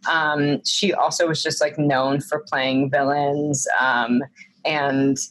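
A woman chatting casually as a podcast co-host, talkative and swearing freely. She slips into quick impressions of characters as she talks. Her voice sits low. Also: level tone, fairly bright tone, poor audio. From Arkansas, US. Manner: chatty, profane, mimics characters in asides. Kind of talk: casual chat.

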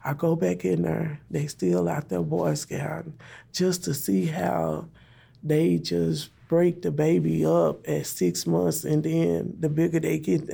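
A woman's voice: deep voice, vocal fry, warm tone, breathy edge. A woman telling an emotional personal story in plain, repeated phrases, speaking her prayers aloud.

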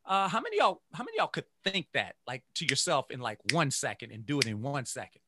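A man who teaches music, giving an energetic motivational talk to teachers and chanting phrases in rhythm. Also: on the high side, fast talker, noisy background. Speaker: music educator.

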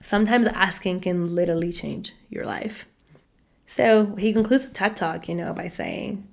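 A woman's voice: on the low side, normal speed, gravelly, a little mellow. A woman in her twenties hosting a solo podcast, talking candidly with frequent swearing and laughter. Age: 20s. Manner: candid and profane, laughing often. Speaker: podcast host. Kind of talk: casual solo podcast monologue.

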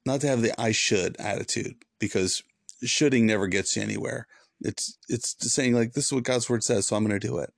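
A man's voice: medium pitch, a little fast, creaky, no echo, studio quality. A man who is a former pastor, hosting a devotional podcast in an earnest, preachy way and repeating points for emphasis.

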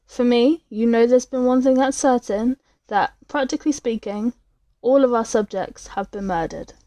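A woman's voice: a little high, normal speed, mellow, no echo, natural voice. A woman reading the part of a cool, sneering, unscrupulous young doctor in a spoken story. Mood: coolly persuasive. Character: scheming cynical young male doctor.

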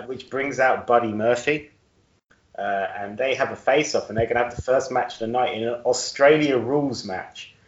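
Jokey man on a roomy podcast. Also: medium pitch. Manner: jokey, laughs at his own jokes. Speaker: podcast co-host. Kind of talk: casual podcast chat. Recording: roomy, dull-sounding audio.

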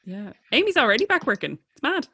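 A woman's voice: a little high, big pitch swings, quick pace, bright, forceful tone, breathy edge, no room sound. A young woman, chatting casually with short, teasing reactions and quips. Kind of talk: casual chat.

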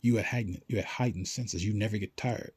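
A man delivers a loose, animated motivational monologue, swearing casually and acting out quick exchanges. His voice sits low and has a slightly husky edge. He urges and exclaims rather than lectures.

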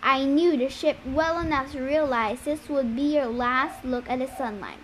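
A woman reading a novel aloud with steady storytelling narration. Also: high-pitched, moderate pace, slight background noise. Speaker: reader.

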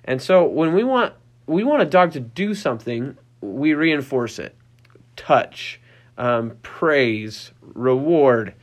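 A man's voice: mid-range voice, expressive, slow pace. Chatty man explaining with playful asides. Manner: conversational, many restarts, acts out puppy and child voices. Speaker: podcast host, dog trainer. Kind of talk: casual explanatory podcast talk.

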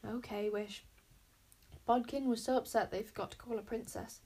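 A woman narrating a children's storybook aloud in a measured, expressive way. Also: a little high.

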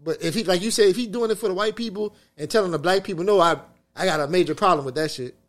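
A man's voice: sits high, fast talker. A young adult man co-hosting a podcast in casual chat, profane and emphatic. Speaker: podcast co-host.

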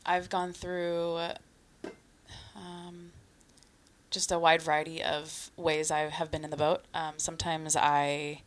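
A woman's voice: low-pitched, level tone, slow pace. A woman co-hosting a casual podcast, thinking aloud in a hesitant, reflective way with many fillers.

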